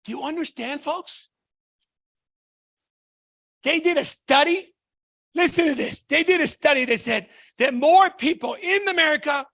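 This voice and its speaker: Middle-aged man from Tonga pitching to an audience; gravelly, excitable, keeps asking if they understand. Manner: excitable, bursts into shouting, repetitive rhetorical questions. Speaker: business opportunity presenter. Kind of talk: motivational sales talk.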